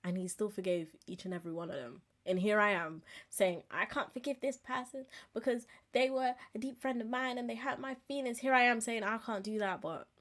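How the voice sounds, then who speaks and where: On her live-streamed podcast, a woman in her twenties chats candidly and laughs often, her expressive voice on the high side. She talks fairly quickly with hardly any pauses, moving between loud and quiet.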